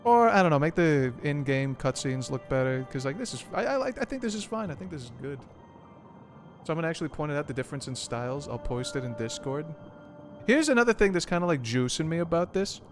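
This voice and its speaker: A man's voice: on the high side, big pitch swings, brisk, soft background music. Rambling, foul-mouthed streamer guy. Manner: rambling, profane, joking. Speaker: game streamer. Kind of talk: casual stream commentary.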